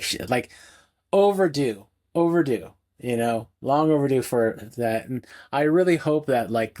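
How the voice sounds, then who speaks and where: A man's voice: medium pitch, darkish tone. A man co-hosting a film podcast, talking casually and rambling, with many restarts. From United States. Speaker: podcast co-host. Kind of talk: casual film review chat.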